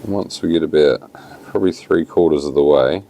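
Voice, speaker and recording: Very deep, gravelly New Zealand man. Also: normal speed, slight background noise. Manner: relaxed, plain-spoken, lots of fillers. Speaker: fly tying instructor. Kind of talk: casual step-by-step tutorial.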